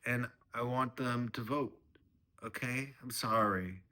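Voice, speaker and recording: A man's voice: medium pitch, slow, sharp tone, pitched above the performer's own voice. A man voicing an earnest son-in-law who stammers apologies in a comic dramatic reading. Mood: pleading.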